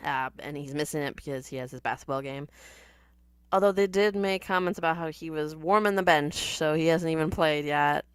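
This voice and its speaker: A woman giving casual, sardonic reaction commentary on a TV episode, chatty and quick to laugh. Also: low voice, clear, resonant tone, no echo, clean studio sound.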